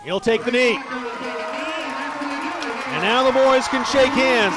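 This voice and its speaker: Play-by-play man, high voice, shouts the big plays, crowd roaring behind. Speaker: play-by-play commentator. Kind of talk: live football play-by-play. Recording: loud crowd and field noise.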